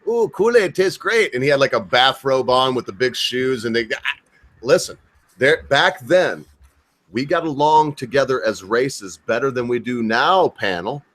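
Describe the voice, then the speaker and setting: Male stream host, rambling and profane, average pitch. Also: normal speed, a bit bright. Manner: rambling, swears, acts out quoted voices. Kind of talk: casual livestream chat.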